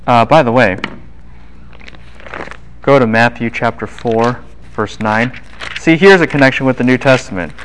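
A man giving a university Bible lecture, lively and quizzing the class with quick asides. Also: medium pitch, a little hiss or hum, rough recording.

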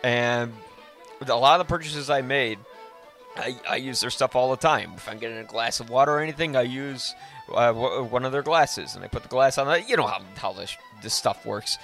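A man's voice: medium pitch, moderate pace, fairly bright tone, faint music behind. A man hosting a casual podcast, talking in a rambling, enthusiastic way with frequent restarts. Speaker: podcast host.

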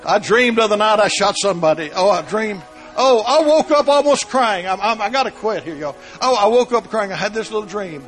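A man preaching a sermon, moving between soft storytelling and shouted emphasis. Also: sits high, normal speed, faint music behind.

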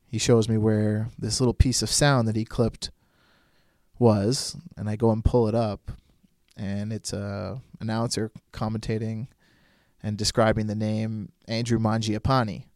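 Man recalling a friend, steady and affectionate. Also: on the low side, measured pace, no echo, studio quality. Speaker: former coworker and roommate. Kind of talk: heartfelt remembrance.

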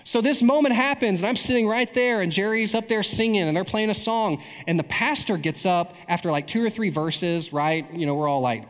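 A man preaching a storytelling sermon in a large church hall, animated, with frequent "right?" asides. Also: high-pitched, normal speed, few pauses. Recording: long reverb in a large hall.

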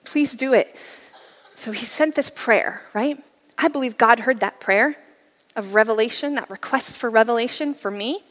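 A middle-aged woman telling her faith story at a church service, in an earnest, conversational way that often sinks to a soft hush. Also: on the high side, normal speed, in a large hall. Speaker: guest speaker sharing a testimony. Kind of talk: personal testimony talk.

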